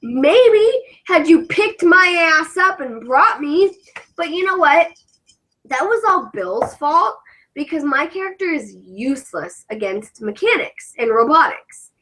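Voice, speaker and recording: English-accented woman on a cosplay livestream, kinda high voice, swears a ton, gets all worked up. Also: unhurried, rough recording. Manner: animated, profane ranting. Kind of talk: casual livestream chat.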